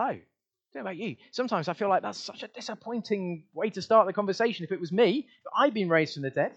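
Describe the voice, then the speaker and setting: A man preaching a sermon in an emphatic voice, repeating refrains and shifting his loudness widely. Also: high voice, animated, normal speed, muffled recording.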